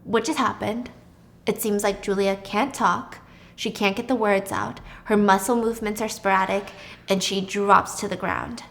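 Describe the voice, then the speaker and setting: A woman's voice: medium pitch, fairly even intonation, normal speed, vocal fry. A young woman hosting a casual show, retelling a plot dramatically and swearing freely. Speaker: host. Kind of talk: casual storytelling recap.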